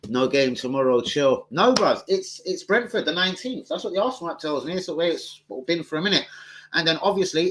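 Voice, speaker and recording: A man hosting a football fan livestream, talking in fast, sweary, jokey banter. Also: fairly high pitch, fairly bright tone, slight background noise, low-quality recording. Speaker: fan channel host. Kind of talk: casual livestream chat.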